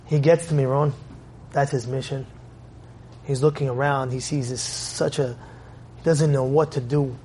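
A man giving a sermon, telling a story in an animated way and acting out its scenes. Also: medium pitch, normal speed, long pauses, a little hiss or hum. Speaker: religious speaker.

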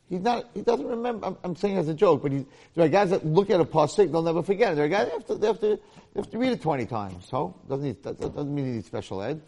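Storytelling rabbi acting out voices. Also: male voice, medium pitch, brisk, warm tone. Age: middle-aged. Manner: storytelling with acted-out voices and jokes. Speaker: rabbi and teacher. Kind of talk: informal Torah lecture to an audience.

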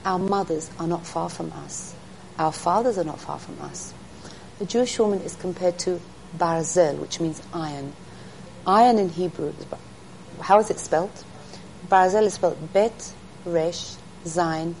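Earnest woman telling stories, lowish voice. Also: unhurried, a little mellow, slight background noise, rough recording. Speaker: interview guest, speaker to women. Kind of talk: storytelling in an interview.

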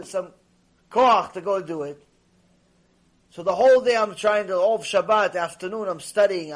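A man giving a Torah lecture, telling stories and acting out dialogue in a lively, conversational way, mixing in Hebrew terms. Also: high voice. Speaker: rabbi lecturer.

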